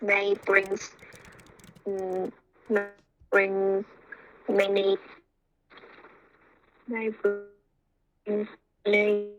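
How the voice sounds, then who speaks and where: A woman's voice: mid-range voice, monotone, drawn-out words, pauses often, muffled recording. A young woman with a Vietnamese accent answering IELTS speaking practice questions, hesitant, with many fillers and restarts.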